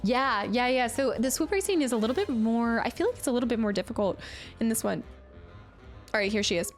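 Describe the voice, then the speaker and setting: A woman's voice: on the high side, lively intonation, brisk, faint music behind. A woman streamer in casual gameplay commentary, chatty and playful, who often reads game dialogue aloud.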